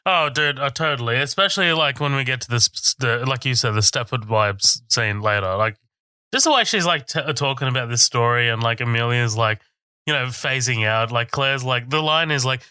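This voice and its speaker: A laid-back man co-hosting a film podcast chats along easily, agreeing a lot. His voice is very bright and tense. The sound is dry, with no room around it. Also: mid-range voice, moderate pace, smooth, dry recording. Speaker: podcast co-host. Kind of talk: casual film-review chat.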